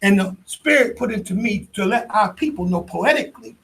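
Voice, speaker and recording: A man visiting a radio studio as a guest poet, talking earnestly and emphatically, with quick words of agreement. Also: high-pitched, animated, vocal fry, a bit bright. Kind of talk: casual radio conversation.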